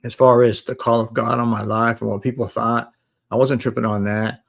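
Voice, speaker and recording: A man in his forties casually telling listeners his life story on a live stream, in relaxed slang. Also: medium pitch, moderate pace, vocal fry. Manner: relaxed street slang, addresses listeners as bro. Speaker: live stream host sharing his testimony.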